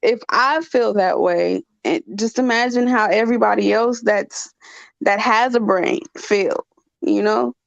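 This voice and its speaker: Woman, 30s, podcast host, gravelly voice, blunt, laughing, lo-fi dull audio. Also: on the high side, unhurried, dry recording. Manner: blunt, laughing, animated storytelling. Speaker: channel host. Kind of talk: casual podcast chat. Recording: dull lo-fi dry sound.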